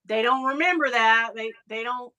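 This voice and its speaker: A woman with a Southern US accent hosting a casual live chat, animated and quick to laugh as she reads viewer comments. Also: on the high side, rough recording. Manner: chatty and animated, laughing often, breaks into mocking voices. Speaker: live show host.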